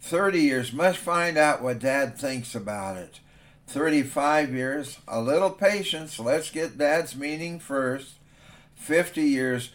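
A man, a father himself, preaching a sermon in a conversational storytelling manner. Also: medium pitch.

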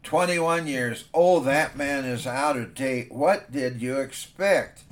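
A man's voice: medium pitch, takes it slowly. A man, a father himself, preaching a sermon in a conversational storytelling manner.

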